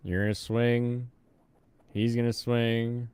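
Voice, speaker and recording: A man's voice: mid-range voice, steady tone, slow pace, a little mellow, clean tone, no echo. A young man from the Pacific Northwest giving casual commentary while playing a game, thinking aloud and chatting with viewers. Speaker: streamer.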